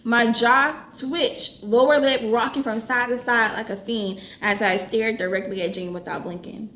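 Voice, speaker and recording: Animated woman book vlogger, echoey room. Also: fairly high pitch, normal speed. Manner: animated, swears freely, bursts of laughter and exclamation. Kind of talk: casual reading vlog, reading aloud and reacting. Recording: echoey room with faint background noise.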